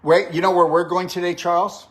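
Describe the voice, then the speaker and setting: With a high, fairly flat voice and a brisk delivery, an older health practitioner hosts a guest on a live-stream. He stays upbeat and coaching, repeatedly checking in with "okay? all right?"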